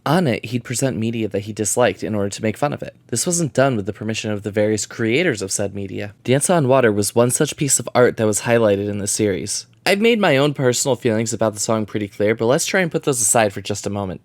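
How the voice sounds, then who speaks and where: A man's voice: lowish voice, animated, fast talker, hardly any pauses, no room sound. Sarcastic male video essay narrator. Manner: sarcastic, ranting, swearing.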